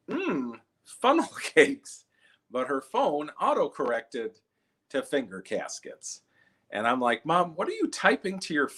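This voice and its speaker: A man doing stand-up comedy, telling stories and acting out the voices of the people in them. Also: medium pitch. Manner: animated, acts out voices in his stories. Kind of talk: stand-up storytelling.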